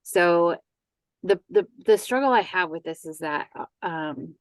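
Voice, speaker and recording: A woman's voice: lowish voice, lively intonation, a little slow, dry recording, poor audio. A woman speaking in casual meeting talk on a video call, blunt and candid with a self-deprecating edge. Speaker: meeting participant.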